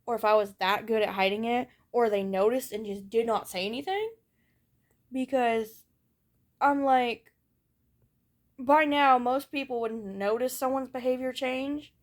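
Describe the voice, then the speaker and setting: Blunt, ranting young woman, high voice. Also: unhurried. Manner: raw, blunt and swearing, circling back over her thoughts. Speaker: vlogger. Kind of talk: candid personal monologue.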